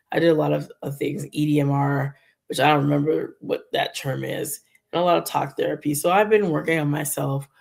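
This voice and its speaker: A woman's voice: deep voice, gravelly, darkish tone. A middle-aged woman talking in a rambling, conversational way as she shares a candid personal faith testimony on her channel. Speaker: Christian vlogger.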